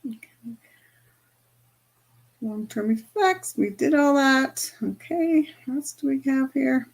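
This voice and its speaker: Brief: woman coach, fairly high voice, casual chatty teaching to a group. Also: slow pace. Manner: chatty, often checks in with "right?". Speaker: spiritual and business coach.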